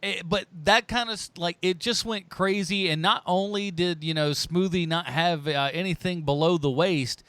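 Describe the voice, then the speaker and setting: An excitable man co-hosting a movie podcast, firing off exclamations as he talks. His voice is bright and pitched a little high, and it swings around a lot. The sound is dry and close. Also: normal speed, hardly any pauses, clean tone, dry recording. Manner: excitable, exclamatory, laughs often. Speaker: podcast co-host. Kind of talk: casual chat.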